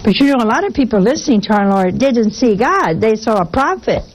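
A woman's voice: fairly high pitch, very animated, brisk, poor audio. A woman giving a sermon in a folksy, conversational way, often asking her listeners rhetorical questions. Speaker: preacher.

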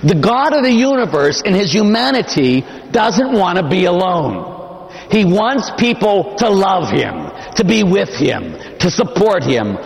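A priest delivers an impassioned sermon in a big church whose long reverb trails after every phrase. His fairly high voice rises and falls in wide, lively sweeps. He leans hard into emphasis and then drops suddenly to a hush. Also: a little slow, vocal fry. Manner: dramatic, impassioned preaching with sudden swells to shouting and drops to near-whisper. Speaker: Catholic priest.

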